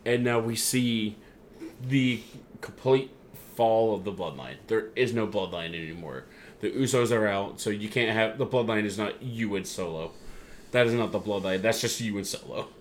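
A man in casual chat, excitedly recapping events with a co-host and acting out what others said. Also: fairly low pitch, moderate pace, slight background noise. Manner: excitable storyteller, acts out quotes. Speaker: podcast co-host.

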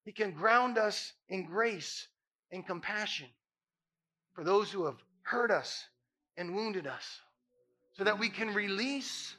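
A man's voice: high-pitched, animated, slow, long pauses, sharp tone, faint music behind. A man preaching as a pastor, impassioned and emphatic, repeating phrases for effect. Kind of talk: sermon.

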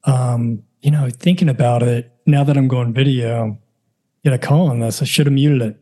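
Joking dad hosting a podcast. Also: male voice, mid-range voice, fairly even intonation, normal speed, dark tone. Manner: self-deprecating, joking, rambling. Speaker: podcast host. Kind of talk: casual solo podcast talk.

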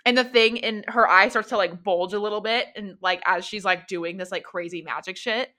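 Woman game master, bright tone, rambling casual narration of a tabletop session. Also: medium pitch, normal speed. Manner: loose, rambling narration full of fillers. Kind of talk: narrating a tabletop role-play.

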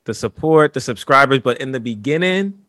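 A man's voice: mid-range voice, expressive, a little fast, sharp tone. A man hosting a podcast, telling stories candidly and animatedly, swearing freely. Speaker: podcast host. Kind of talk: casual conversation.

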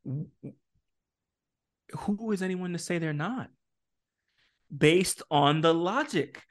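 A man with a slightly higher voice talks in a loose podcast conversation. He is emphatic and animated, laughs easily and stumbles through restarts while pushing his point. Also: slow pace. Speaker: podcast co-host; parent. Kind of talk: casual podcast chat.

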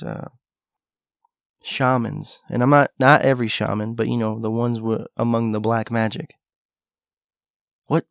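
A man's voice: medium pitch, creaky, no room sound, clean studio sound. A man talking through a rambling, musing monologue, thinking aloud with restarts and asides. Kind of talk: casual monologue.

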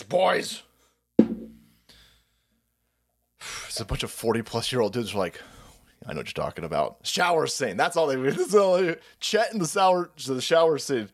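On his livestream, a man with a medium-pitched, gravelly voice goes on a rambling rant. He's sarcastic and swears freely, frequently breaking into laughter between lines.

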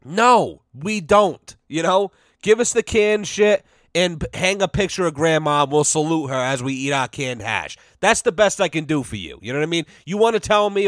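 A man's voice: fairly high pitch, normal speed, no room sound, clean studio sound. A man hosting a casual solo podcast, ranting in a profane, heated, mock-outraged way while sweating from the heat. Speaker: podcast host.

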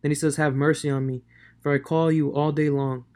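A man's voice: on the high side, flat delivery, brisk, a little mellow. A man giving a casual devotional talk on scripture, slangy and conversational with many fillers. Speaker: devotional speaker.

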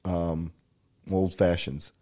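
A podcast host, a man with a very deep voice, jokes and teases his guest in loose, casual chat. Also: fairly even intonation, takes it slowly, mellow. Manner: teasing, joking banter.

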